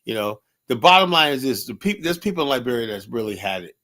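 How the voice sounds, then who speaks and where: A man's voice: mid-range voice, big pitch swings, fast talker, bright, forceful tone. An American man hosting a casual chat, rambling loosely with asides and swearing. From United States.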